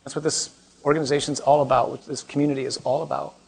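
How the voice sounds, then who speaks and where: A man's voice: mid-range voice, fairly even intonation, fast, vocal fry, darkish tone, husky. A man, a Catholic priest, giving a conversational talk to a young adult group, asking the audience questions and adding joking asides.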